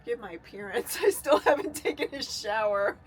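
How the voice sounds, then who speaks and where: A woman talking frankly to her camera in a casual travel vlog, recorded on a handheld phone in her truck at a highway rest area. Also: a little fast, breathy edge. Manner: frank, confiding, lively ups and downs. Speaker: vlogger traveling solo by truck camper. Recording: noisy with wind and vehicle sounds.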